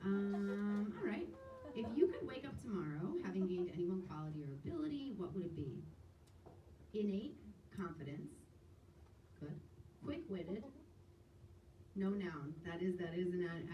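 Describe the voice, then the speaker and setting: A woman's voice: fairly low pitch, expressive, normal speed, muffled recording. A woman in her thirties with a Long Island accent, hosting a stand-up crowd-work set, rambling, giggly and self-deprecating. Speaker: comedy host. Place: small comedy club stage. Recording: echoey club heard from a distance. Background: audience laughter and room noise.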